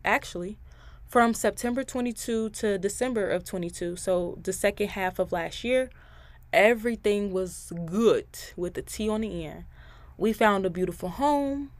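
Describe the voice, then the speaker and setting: Chatty young woman hosting a podcast. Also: mid-range voice. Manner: chatty and candid, addresses listeners directly, laughs between thoughts; faith-filled, encouraging. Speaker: podcast host. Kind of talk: casual podcast monologue.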